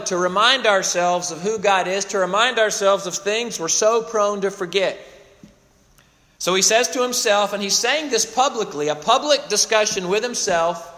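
A man with a notably high voice preaches an expository sermon, swelling on emphatic phrases and then dropping low. His words ring out with a long reverb, as in a large church hall. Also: sharp tone. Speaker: pastor.

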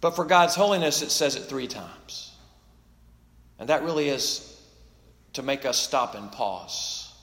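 A man's voice: a little high, unhurried, pauses often, fairly bright tone. A man preaching a sermon in an earnest, emphatic way, often restarting his sentences, in a church. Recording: long reverb of a large hall.

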